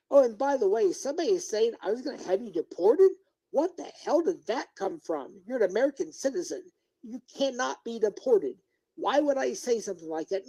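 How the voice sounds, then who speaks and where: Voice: medium pitch, dark tone, low-quality recording. A livestreamer delivering a confrontational rant at one person, scolding, lecturing and repeating questions as they press for answers.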